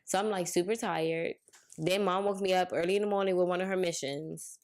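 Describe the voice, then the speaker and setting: Young woman podcast co-host, casual slangy storyteller, lively quoting. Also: medium pitch, fast talker. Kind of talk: casual chat.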